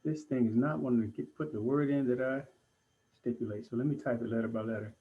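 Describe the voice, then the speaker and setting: Male breathwork instructor, measured guiding delivery, mid-range voice, muffled stream sound. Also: medium pitch. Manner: calm, deliberate instruction with pauses. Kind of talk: guided breathing lesson.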